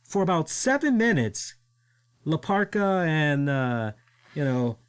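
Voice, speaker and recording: A man hosts a casual wrestling podcast, speaking slowly in a slightly high, clear, resonant voice. He is animated and swears freely, laughing often as he tells energetic stories.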